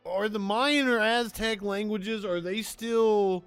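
A man's voice: high-pitched, steady tone, slow, fairly bright tone, clean tone, soft background music. A man co-hosting a casual comedy talk show, bantering, laughing and swearing freely. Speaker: co-host.

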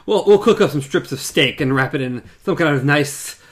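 A man's voice: on the high side, lively intonation, moderate pace. A man co-hosting a podcast, reading a book aloud and chatting in a dry, joking way. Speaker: podcast co-host, reader. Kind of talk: casual chat and reading aloud.

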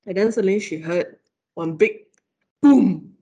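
A woman with a Malaysian English accent, a lecturer telling a ghost story in casual chat, animated and full of fillers and laughs. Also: medium pitch, unhurried, breathy edge. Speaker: lecturer, guest.

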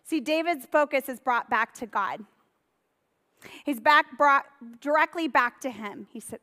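Woman pastor, sermon, conversational storyteller, fairly high voice, echoing church hall. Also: unhurried. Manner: conversational, storytelling, animated retellings.

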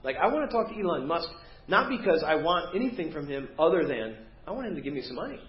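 Guy preaching in a church, lively, acts out the bible folks, kinda echoey and dull. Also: on the high side, quick pace. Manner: animated preaching, acts out biblical voices. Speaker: pastor. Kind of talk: sermon. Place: church sanctuary. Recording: roomy, dull church recording.

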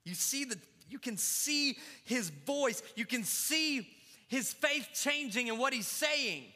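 A man's voice: very high-pitched, animated, slow pace, sharp tone. A male pastor preaching a fervent sermon to his congregation, calling out to the crowd. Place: church sanctuary. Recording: long church reverb.

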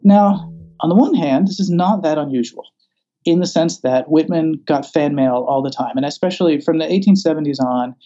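A man's voice: a little high, moderate pace, mellow, muffled recording. A man from the American South, interviewed as a scholar, speaking in a wry, thoughtful way with many restarts and fillers. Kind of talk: conversational interview.

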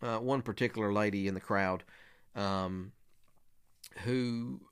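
A man's voice: lowish voice, fairly even intonation, takes it slowly, smooth. A man who preaches, giving an earnest, conversational teaching talk to other preachers, often restarting and repeating words.

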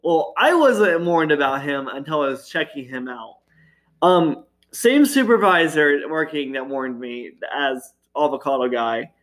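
Chatty man with a higher voice. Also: animated, measured pace, a bit bright. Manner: chatty, laughs often, frequent fillers. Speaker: former grocery store cashier. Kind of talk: casual storytelling chat.

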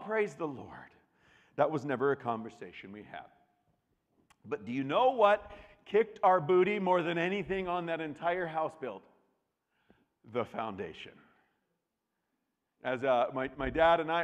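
A middle-aged man preaching a sermon, telling a story with lively acted-out voices. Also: on the high side. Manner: animated storytelling, acts out voices. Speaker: pastor. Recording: long reverb of a large hall.

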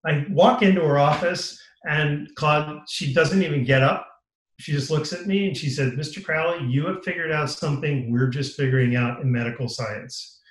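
A man's voice: on the high side, moderate pace, echoey room, low-quality recording. A man telling a personal story as an interview guest, acting out what others said to him and becoming tearful as he relives it. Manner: animated storyteller acting out quoted dialogue, voice rising when moved. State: tearful, emotional. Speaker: guest, author.

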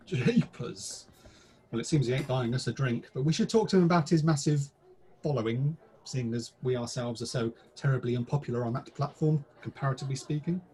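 A man's voice: medium pitch, a little fast, dark tone, husky. A British man co-hosting a comedy podcast, delivering crude, mock-formal pub banter in a theatrical manner. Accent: British English. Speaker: podcast co-host. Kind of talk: scripted comic pub banter.

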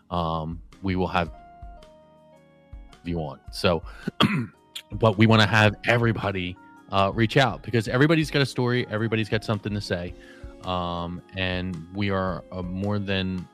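A man co-hosting a casual podcast, trading banter with deadpan, self-mocking boasts. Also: low-pitched. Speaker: podcast co-host.

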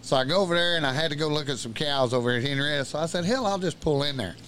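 A middle-aged man telling profane, animated stories on a podcast with plenty of laughing. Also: on the high side, very fast, slight background noise. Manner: animated, swearing, laughing storyteller. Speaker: podcast guest. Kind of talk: profane storytelling chat.

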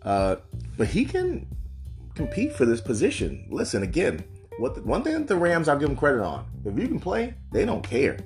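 A man's voice: a little high, wildly swooping pitch, normal speed, soft background music. A man giving loose, conversational solo commentary on football draft picks, with frequent asides. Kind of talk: casual solo sports commentary.

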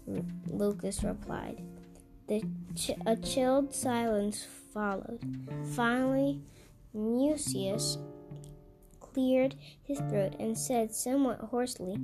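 A woman reading a children's novel aloud, halting and stumbling over words. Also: on the high side, music in the background. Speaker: storybook reader.

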